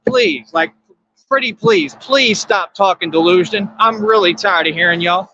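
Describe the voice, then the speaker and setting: A man's voice: high voice, moderate pace, sharp tone, muffled recording, a little hiss or hum. A man hosting a livestream, lecturing his viewers in a confrontational, repetitive rant. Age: adult. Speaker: livestream host.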